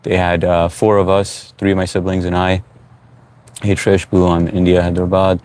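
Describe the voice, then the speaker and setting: A middle-aged man from the United States, speaking in a very low, deep voice. He hosts a live stream in a loose, easygoing way, reading viewer comments aloud with plenty of fillers. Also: normal speed, clear, resonant tone. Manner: relaxed, reads out chat comments, frequent uh fillers. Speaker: livestream host. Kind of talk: casual live chat.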